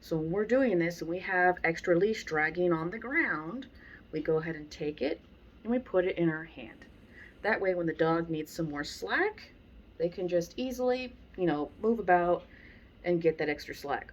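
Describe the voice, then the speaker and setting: A woman dog trainer giving a casual lesson, animated and blunt, with exasperated asides about her students. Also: lowish voice, normal speed. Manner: animated, acts out people she describes. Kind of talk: casual instructional talk.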